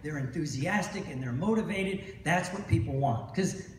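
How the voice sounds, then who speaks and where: Middle-aged male speaker with a high voice, motivational convention talk, storytelling, heard from far off in an echoey hall. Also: animated, moderate pace, a little hiss or hum. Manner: storytelling, repeats phrases, asks "right?". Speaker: hypnosis instructor.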